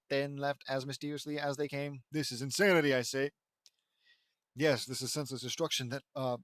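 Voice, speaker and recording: A man's voice: mid-range voice, no echo. A man reading a fan fiction story aloud, stumbling over lines and breaking off to mock the writing. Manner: stumbling, sarcastic asides, laughs at the text. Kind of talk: mocking dramatic reading with commentary.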